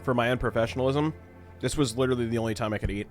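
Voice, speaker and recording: A man's voice: mid-range voice, racing, faint music behind. A man streaming a game, chatting casually and rambling through joking explanatory asides. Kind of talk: casual live-stream chat.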